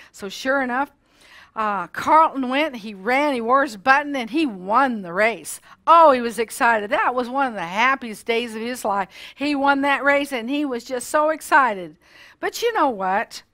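A woman telling a Bible-lesson story to children in an expressive way, speaking directly to her young listeners. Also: a little high. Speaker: children's ministry teacher.

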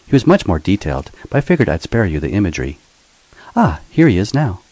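A man's voice: sits low, huge pitch swings, fast talker, darkish tone, husky, no echo, heavily acted, low-quality recording. A man voicing a snarky robot sidekick with a mocking, teasing manner, in a storybook reading.

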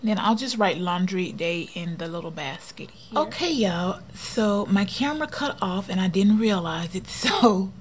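A woman chatting casually while decorating her planner for a vlog, often dropping to a soft near-whisper. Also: medium pitch, expressive, measured pace, few pauses, a little hiss or hum. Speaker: planner vlogger.

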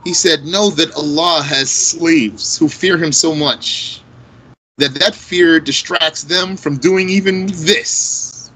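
Bright-voiced man teaching a religious lesson. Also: on the high side, poor audio. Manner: explains Arabic texts line by line in English, slow and deliberate.

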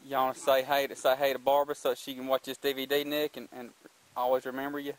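A man's voice: medium pitch, completely flat delivery, fast talker, poor audio. A man behind the camera filming a family home video, chatting and teasing the others in a casual way. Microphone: home camcorder. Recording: hissy home video recording.

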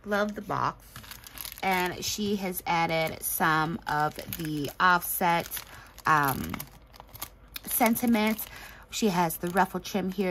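Brief: woman, craft vlog host, effusive, soft paper crinkle in back. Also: lowish voice, unhurried, background noise. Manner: gushing, chatty, frequent laughs. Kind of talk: casual craft mail unboxing.

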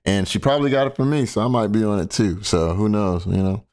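A man's voice: fairly low pitch, fast, darkish tone. A man hosting a casual reaction stream, commenting bluntly and crudely on clips with joking asides.

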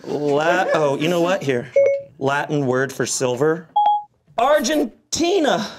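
Comic man, high-pitched, rambling and giggly, noisy room. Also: very animated, slow. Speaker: comedy sketch performer. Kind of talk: playful improvised comedy bit.

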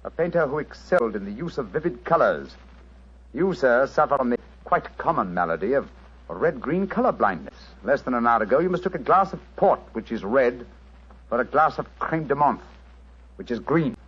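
An actor with a British accent playing a sharp, cool detective in 1940s radio acting, laying out deductions in a measured, precise way. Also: male voice, mid-range voice, sing-song. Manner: crisp, measured, lordly deduction. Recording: dull old radio broadcast.

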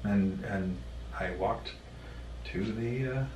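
A man telling a personal story in a podcast conversation, blunt and profane, halting with many fillers. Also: lowish voice, darkish tone, slight background noise. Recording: roomy sound from a distant mic.

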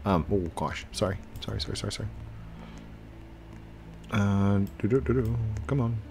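Male gaming YouTuber, deep unhurried voice, casual running commentary, goofy pleading, faint music behind. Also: a little mellow. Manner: chatty, laughs often, goofy pleading bursts.

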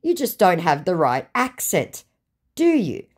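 A woman's voice: on the low side, huge pitch swings, unhurried. An Australian woman hosting a scam-baiting video, retelling a chat in a sarcastic, mocking way. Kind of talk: recounting a chat.

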